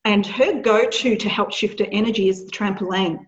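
A woman being interviewed as a podcast guest, telling stories in a lively, animated way and laughing often. Her voice sits at a middle pitch. The recording is dull and lo-fi. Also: brisk. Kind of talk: casual chat. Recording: dull lo-fi sound.

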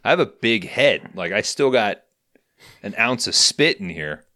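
A man in casual chat, telling crude, animated stories about the dentist. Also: on the low side, unhurried, no echo, studio quality. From St. Louis.

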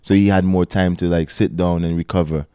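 A man with a very low, warm voice gives his strong opinions emphatically. His tone is smooth and resonant, and the recording is dry and close. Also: steady tone, a little fast, no room sound. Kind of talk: casual podcast chat.

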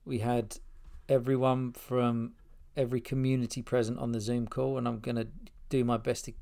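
Heartfelt and unscripted, a middle-aged podcast host from Spain and England rambles from his spare room, restarting often. He speaks at normal speed in a creaky, warm, medium-pitched voice with little pitch movement.

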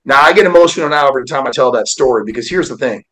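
Recorded roughly, a podcast guest in his forties races through an emotional account of his own life. His ordinary mid-pitched voice has lively intonation, and his sincere delivery swings from quiet to powerful in the manner of a motivational speaker.

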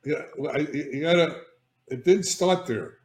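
An older man, a guest on an interview, telling his recovery story in an animated, emphatic way, often restarting sentences and checking in with "all right?". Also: on the high side, measured pace, slight background noise. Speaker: guest, addiction therapist. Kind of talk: candid personal storytelling. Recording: echoey room.

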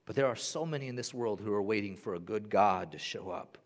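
A young man preaching a sermon as pastor, swinging between loud, high-pitched bursts and hushed, low passages. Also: a little fast.

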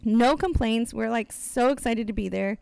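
A woman's voice: on the high side, normal speed, creaky, darkish tone, smooth, no echo. A young adult woman, co-hosting a podcast and telling a story in casual chat, acting out the quotes. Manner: chatty storyteller, acts out quotes. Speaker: podcast co-host.

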